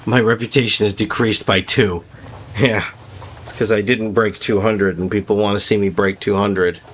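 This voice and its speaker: A man's voice: lowish voice, steady tone, normal speed, slight background noise. A man giving rambling, opinionated commentary while playing a video game, joking as he goes. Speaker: gaming video host. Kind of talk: casual gameplay commentary.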